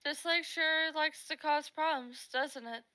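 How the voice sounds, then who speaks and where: A woman voicing a chatty, blunt young sidekick from a game, in a high voice. She comments matter-of-factly, with faint game music behind. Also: measured pace, background noise. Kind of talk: fan voice acting of a game.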